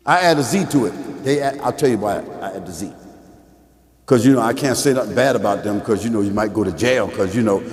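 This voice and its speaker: A man preaching to a congregation in an animated, emphatic way that rises at times to shouts. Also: mid-range voice, brisk. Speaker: Islamic preacher. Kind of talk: lecture to a congregation. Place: large mosque hall. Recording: long hall reverb.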